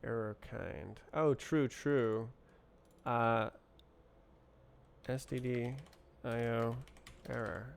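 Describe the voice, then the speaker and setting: A man thinking aloud as he works through code on a live stream, muttering to himself in halting fragments. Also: mid-range voice, gravelly, slight background noise. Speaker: programmer streaming live coding. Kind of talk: thinking aloud while coding.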